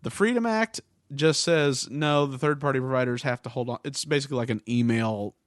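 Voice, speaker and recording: A man co-hosts a podcast, explaining politics casually and slipping in dry jokes. His voice sits at an ordinary middle pitch. The recording is close and dry. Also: a little fast, no room sound. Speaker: podcast co-host. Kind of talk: casual discussion.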